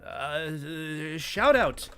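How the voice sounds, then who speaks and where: A man's voice: on the high side, expressive, extremely slow, pushed and bright, soft background music. Playful rambling male streamer. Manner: rambling, playful, talks to chat. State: hiccups. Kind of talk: casual live stream chat.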